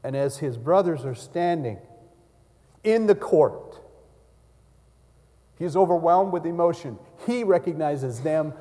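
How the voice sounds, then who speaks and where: A male pastor preaching a sermon and communion prayer, swinging from loud cries down to hushed near-whispers. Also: fairly high pitch, normal speed, few pauses, big-room sound.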